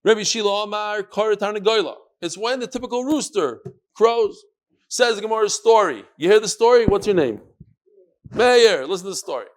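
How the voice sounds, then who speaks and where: A rabbi teaches a live Talmud class in a study hall, speaking in a high-pitched, animated, fairly quick voice. He tells stories with flair, acts out the quotes, and addresses his students directly.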